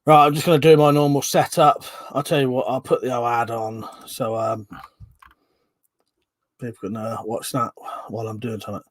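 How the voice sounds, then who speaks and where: A man hosting a casual live stream, chatting and greeting viewers by name, with loud greetings and quieter mumbled asides. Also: mid-range voice, flat delivery, moderate pace, dry recording.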